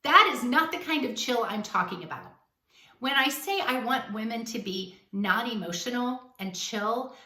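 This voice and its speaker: A woman's voice: fairly high pitch, bright, forceful tone, roomy sound, recorded from a distance. Woman host, dating advice talk, emphatic and direct, recorded a little off-mic. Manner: blunt, emphatic, acts out quoted dialogue.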